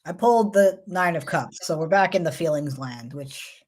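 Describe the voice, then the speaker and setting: Chatty New York woman, lowish voice. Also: moderate pace, darkish tone. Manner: chatty, wry, rambling asides. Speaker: host tarot reader. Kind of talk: casual chat.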